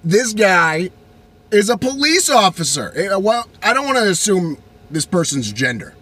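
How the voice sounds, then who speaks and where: A young man from Virginia ranting casually in an animated, rambling way, with many restarts. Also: high-pitched, unhurried, slightly rough. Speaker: vlogger. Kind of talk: casual rant.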